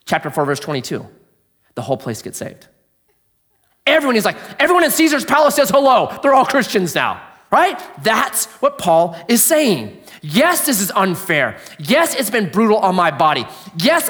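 A man preaching a sermon, telling the story with animated questions to the congregation and dropping to a hush to make his points. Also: high-pitched. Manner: animated storyteller, asks the audience questions, drops to a hush for emphasis. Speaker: pastor.

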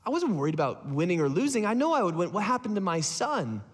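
A man's voice: sits high, very animated, fast talker, slightly rough, big-room sound, exaggerated voice. A man voicing an insistent king asking after his son.

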